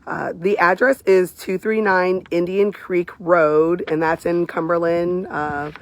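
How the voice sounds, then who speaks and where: A hoarse woman, a real estate agent showing a house on a live phone video, gushing as she walks through it. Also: on the low side, steady tone, slow pace. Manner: gushing, enthusiastic, repeats "beautiful" and "I love". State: hoarse, lost voice. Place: walking through a large house, indoors and out. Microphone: handheld phone camera.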